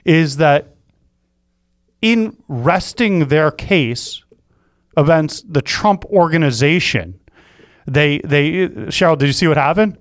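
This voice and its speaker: Male podcast host, fairly high pitch, rambling jokey chat, dry close sound. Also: expressive, takes it slowly, long pauses, no room sound. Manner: rambling, self-mocking, jokey. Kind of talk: casual chat.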